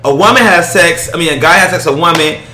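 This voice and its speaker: A man's voice: a little high, fast, pushed and bright, reverberant, a little hiss or hum. A man chatting casually in a group discussion, blunt and crude, laughing often as he talks. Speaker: discussion panelist.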